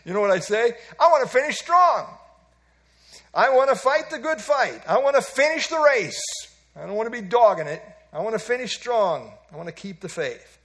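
Older man preaching, high voice. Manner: folksy, self-deprecating storyteller. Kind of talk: evening Bible teaching.

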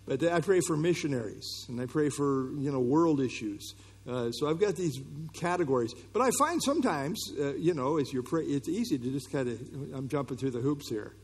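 Husky preacher in a reverberant hall. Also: male voice, mid-range voice, expressive, normal speed. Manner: earnest, conversational teaching with frequent fillers and restarts. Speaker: pastor. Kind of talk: sermon.

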